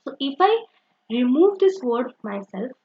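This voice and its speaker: Young teacher lady, high bouncy voice, keeps saying okay, kinda muffled recording. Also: big pitch swings, a little slow. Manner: repetitive, uses "okay" and "so" often, self-correcting. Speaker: English grammar teacher. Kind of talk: explanatory teaching. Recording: dull lo-fi recording.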